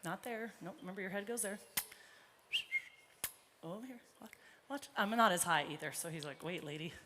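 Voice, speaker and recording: A woman's voice: medium pitch, expressive, moderate pace, background noise. Woman horse trainer on a wire mic, breathing hard, chatting to the colt and crowd, long arena echo. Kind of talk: live clinic demonstration while riding. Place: indoor arena at a horse expo. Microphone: wireless body mic.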